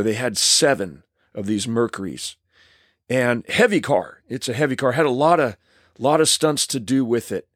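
A man in his sixties, a longtime stunt performer, telling stories from his career in an animated, rambling way with frequent restarts. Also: medium pitch, no room sound, studio quality. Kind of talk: storytelling, reminiscing.

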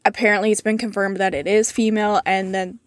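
A woman talking casually on a podcast, her speech loose and full of "like" and "um" as she recounts events. Her voice sits at a middle pitch and sounds close and dry, with no room around it. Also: little pitch movement, fast, dry recording. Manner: casual, many fillers, reads out quotes in a subdued tone. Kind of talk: casual chat.

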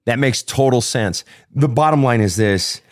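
With a mid-range voice and a moderate pace, this man coaches listeners on his advice talk show. He's a podcast host and relationship coach who speaks bluntly, forcefully, and with heavy profanity.

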